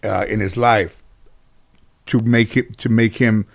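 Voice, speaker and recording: A man's voice: lowish voice, slow, gravelly. Rambling man telling stories. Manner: rambling, filler-heavy, animated when quoting others. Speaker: interview guest. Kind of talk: casual anecdotal storytelling.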